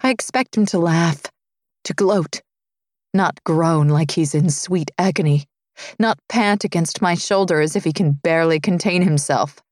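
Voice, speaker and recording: A woman's voice: unhurried, no echo. Woman reading an intimate romance, dry sound. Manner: low, intimate reading, dropping softer for his lines. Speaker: audiobook narrator. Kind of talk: scripted first-person romance narration.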